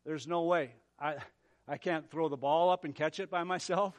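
A man's voice: a little high, steady tone, normal speed. A man, a pastor, preaching a sermon with emphatic, repeated phrases. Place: church gym.

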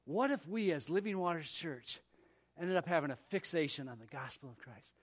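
A man's voice: fairly high pitch, expressive, a little fast, husky. A man, a pastor, preaching a sermon with emphatic, repeated phrases. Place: church gym.

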